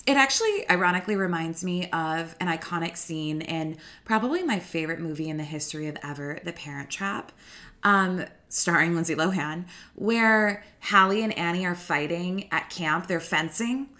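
Woman host, casual gossipy podcast delivery, slightly low pitch. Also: lively intonation, normal speed, pushed and bright. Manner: chatty, heavy use of "like", gossipy.

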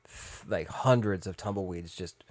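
A man co-hosting a podcast, chatting crudely and swearing freely, with a lively delivery. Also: low voice, normal speed, dry recording. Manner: animated, swears freely, does loud silly sound imitations. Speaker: podcast co-host. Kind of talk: crude casual banter. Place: Arizona.

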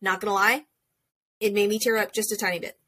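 A woman co-hosting a podcast, chatting in a bubbly, excitable way. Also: medium pitch, quick pace. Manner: bubbly, exclaims and restarts often. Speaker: podcast co-host. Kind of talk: casual podcast chat.

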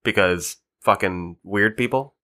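A man's voice: lowish voice, a little slow, pushed and bright. A man co-hosting a podcast in casual chat, laid-back and a bit hesitant. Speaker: podcast co-host.

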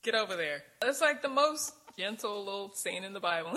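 A woman co-hosting a podcast, making wry deadpan asides and laughing easily. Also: medium pitch, a little fast. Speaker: podcast co-host. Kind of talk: casual comedic book discussion.

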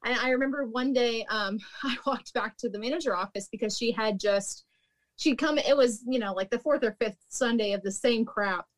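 A woman's voice: fairly high pitch, normal speed. A young woman, a former restaurant manager, telling work stories in casual chat, bluntly, swearing and laughing often. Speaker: podcast guest, recruiter and former restaurant manager.

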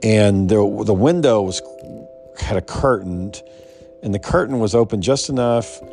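A man's voice: lowish voice, measured pace, darkish tone, soft background music. A man telling a rambling personal anecdote in casual, heavily profane talk, often restarting his sentences. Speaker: storyteller.

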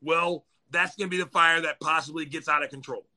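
Bright high-voiced swearing man. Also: fairly even intonation, fairly quick. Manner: swears freely, acts out voices in anecdotes. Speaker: podcast host. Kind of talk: casual podcast chat.

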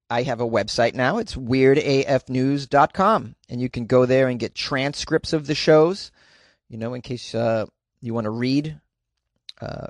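A man's voice: medium pitch, no room sound, studio quality. A man hosting a comedic news podcast, rambling and joking, laughing at his own jokes. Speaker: podcast host.

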